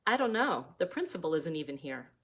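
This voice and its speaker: A woman voicing a bold, loud, eager ten-year-old girl. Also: sits low, very animated, a little fast, husky, heavily acted.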